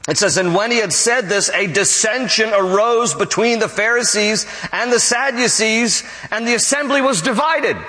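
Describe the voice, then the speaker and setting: High bright pastor guy preaching in a big echoey hall, really animated. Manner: animated, acts out quotes. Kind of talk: sermon.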